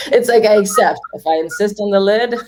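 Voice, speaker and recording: A woman guest from the home organizing world chats casually in an interview, speaking freely, laughing frequently, and acting out what people said. Her mid-range voice is a little mellow and moderately paced, and there is a faint hiss or hum on the recording.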